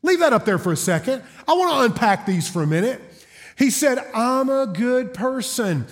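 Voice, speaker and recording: Folksy Southern preacher, high voice. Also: male voice, big pitch swings, brisk. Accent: Southern American. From South Carolina. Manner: folksy, joking storyteller. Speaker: guest preacher. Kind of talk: sermon. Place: church auditorium.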